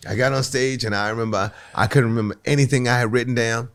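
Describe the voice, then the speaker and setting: Animated male comedian telling a story. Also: mid-range voice, quick pace. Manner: animated, repeats words at restarts, acts out voices. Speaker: comedian guest. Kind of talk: storytelling anecdote. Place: podcast recording.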